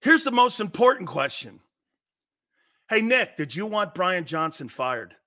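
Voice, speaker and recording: Animated middle-aged man lecturing on sports. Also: high voice, a little slow. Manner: animated, lecturing, rhetorical questions. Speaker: sports talk host. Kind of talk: casual sports talk.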